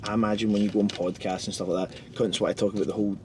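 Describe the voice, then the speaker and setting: A Scottish man hosting a casual podcast interview, talking in an animated, sweary, chatty way from inside a car. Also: fairly low pitch, rapid-fire, a little hiss or hum. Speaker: podcast host.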